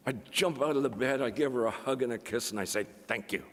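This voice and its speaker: An older Canadian man moderates a conference in a large hall, sharing a personal story before making an impassioned appeal. His medium-pitched voice is fast and a bit bright, slightly slurred from facial palsy, and the recording carries a long hall reverb.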